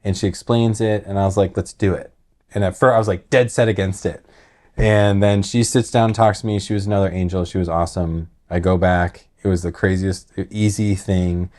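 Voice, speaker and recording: A middle-aged man with a fairly low voice tells a personal story. He rambles earnestly, restarting sentences and leaning on filler words as he goes. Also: steady tone, a little fast, a little mellow. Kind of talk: casual emotional storytelling.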